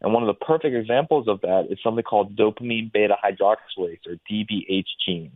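Man, low voice, rambling explanatory talk, tinny phone-line sound. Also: fast, no room sound. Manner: explains at length with many fillers. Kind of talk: casual explanatory interview.

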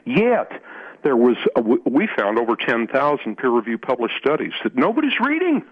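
A husky, mid-range male voice, very animated and a bit quick. On a muffled, dry radio recording, he narrates a long story as an interview guest, regularly doubling back on words and beginning sentences again.

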